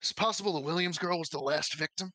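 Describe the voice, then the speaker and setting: Male player, higher voice, forceful tone, musing questions, dry sound. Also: fast talker, no echo. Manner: thinking aloud, asking questions. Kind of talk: casual tabletop play.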